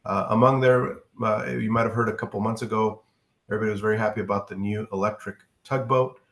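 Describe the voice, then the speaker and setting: A man with a low voice gives a presentation over a video call and stumbles through fillers as he goes. His voice carries an echo from the room around him. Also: fairly even intonation, fast talker. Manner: casual, hesitant with many fillers. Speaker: utility company presenter. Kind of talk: online community meeting presentation.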